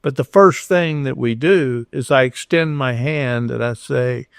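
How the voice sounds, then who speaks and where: An older Houston man speaks earnestly as a podcast guest, telling stories with frequent restarts and acted-out dialogue. His mid-range voice is unhurried with vocal fry, captured dry in studio quality.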